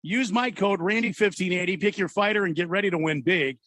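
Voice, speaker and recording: A man with a high-pitched voice hosts a sports radio show from a studio. He talks casually and halts often on fillers, moving into ad reads. The sound is close and dry. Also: fairly bright tone, no room sound. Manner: halting, many "uh" fillers. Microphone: studio mic.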